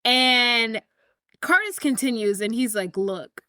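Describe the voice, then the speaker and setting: Lively high-pitched woman recapping a film. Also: slow, no echo, clean studio sound. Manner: animated retelling, acting out characters' lines. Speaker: podcast co-host. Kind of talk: casual movie recap chat.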